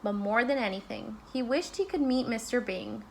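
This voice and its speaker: A woman reading a children's picture book aloud in an expressive, gently paced way. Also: on the high side, normal speed, vocal fry, a little hiss or hum. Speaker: storyteller. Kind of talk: children's storybook read-aloud.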